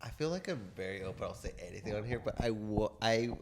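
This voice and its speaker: A man's voice: fairly low pitch, lively intonation, quick pace, noisy background. A man co-hosting a comedy podcast, telling confessional stories with laughs in casual chat. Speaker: podcast co-host.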